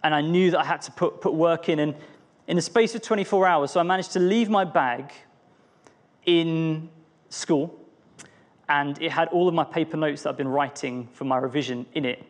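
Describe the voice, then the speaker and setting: Earnest young preacher, higher voice. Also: male voice, moderate pace. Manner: earnest, personal, with many restarts. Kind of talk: devotional talk.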